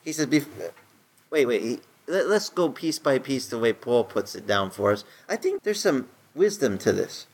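A middle-aged man preaching in a conversational sermon style, his voice climbing higher when he stresses a point. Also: sing-song, moderate pace, slightly rough. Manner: conversational preaching, rises in pitch for emphasis. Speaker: pastor.

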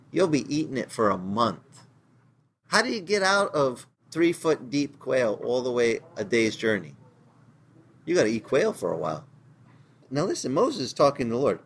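A male pastor delivers a casual, conversational sermon in plain, slangy language, acting out the voices of the people he quotes as the story unfolds. His mid-range voice is very animated and moves at a moderate pace, with slight background noise.

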